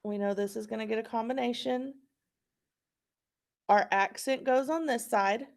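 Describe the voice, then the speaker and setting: A woman's voice: on the high side, normal speed, vocal fry, darkish tone. A woman teacher leading a patient, encouraging phonics lesson for young children.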